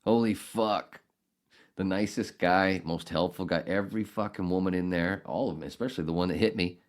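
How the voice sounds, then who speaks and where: A man's voice: low-pitched, brisk. A man hosting a solo podcast, ranting angrily and sarcastically with heavy profanity. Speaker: podcast host.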